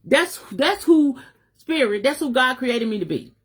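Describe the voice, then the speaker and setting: A middle-aged woman delivers a fiery message in a preacher's cadence, her pitch leaping high and dropping low as she presses each point. Her voice sits fairly high, and she speaks in African American Vernacular English, swearing freely as she goes. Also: expressive, unhurried, slightly rough. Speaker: spiritual advisor. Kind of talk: preaching-style live stream message.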